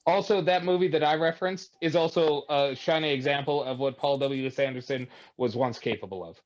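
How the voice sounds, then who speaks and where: A man's voice: a little high, brisk, muffled recording. A man co-hosting a podcast who rants in casual banter and swears a lot. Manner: profane, ranting. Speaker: podcast co-host.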